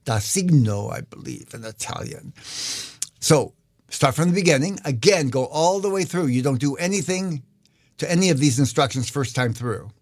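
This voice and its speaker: A man leads a live online guitar lesson, walking viewers through the notation one step at a time. His delivery is unhurried and conversational, sprinkled with ums and restarts. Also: on the high side. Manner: relaxed, explanatory, many fillers. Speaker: guitar teacher.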